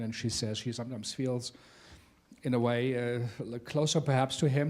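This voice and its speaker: A man who directs a theater center, giving a welcome speech to an audience in a theater, halting often with filler sounds. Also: mid-range voice, steady tone, a little mellow. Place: theater venue.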